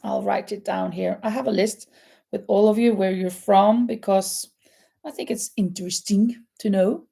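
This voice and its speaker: A woman's voice: mid-range voice, steady tone, moderate pace, vocal fry, dark tone, husky. A woman hosting a live crochet chat, reading out quiz questions and answering viewers, laughing often. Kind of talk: casual live-stream chat.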